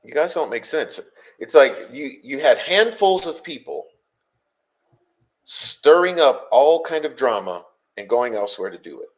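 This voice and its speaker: A man's voice: medium pitch, sing-song. Exasperated, profane male livestream host. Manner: exasperated, confrontational, heavy swearing; rapid-fire rhetorical questions. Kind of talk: unscripted livestream rant answering chat.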